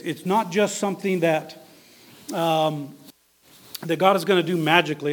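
A man preaching a sermon in a conversational way, asking his listeners rhetorical questions. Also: on the high side. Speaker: pastor.

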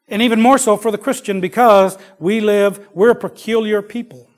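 A man preaching a sermon, shifting between loud exclamations and quiet asides, telling stories in a conversational way. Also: high voice. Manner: conversational storytelling with fillers.

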